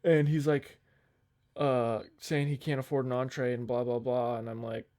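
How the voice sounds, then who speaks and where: A man's voice: mid-range voice, little pitch movement, moderate pace, mellow. A young man on a podcast telling a long, rambling work story in casual chat, swearing freely and quoting the people in it. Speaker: podcast co-host.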